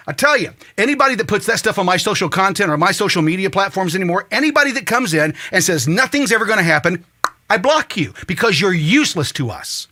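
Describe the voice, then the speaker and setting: Furious high-pitched man ranting. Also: sing-song, fast. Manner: ranting, swearing, rising to shouts. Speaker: talk show host. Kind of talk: angry political monologue.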